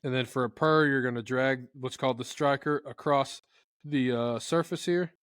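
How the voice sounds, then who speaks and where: A man's voice: mid-range voice, normal speed, clean tone, no room sound, clean studio sound. A man talking casually and with energy while he teaches turkey calling, sometimes imitating turkeys in funny voices. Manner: animated, acts out turkey sounds in funny voices. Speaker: turkey calling expert guest. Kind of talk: casual how-to talk.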